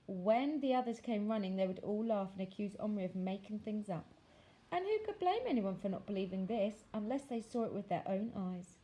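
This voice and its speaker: A woman teacher reading a children's novel aloud, with expressive, measured storytelling that slows for dramatic phrases. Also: mid-range voice, rough recording.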